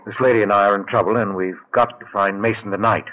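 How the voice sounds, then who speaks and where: Actor as a confident American lead, very deep voice, dull old radio sound. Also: male voice, fairly even intonation, lightly acted. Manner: brisk and confident. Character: brisk American man on a wartime mission. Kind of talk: 1940s radio drama acting. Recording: dull lo-fi 1940s radio broadcast.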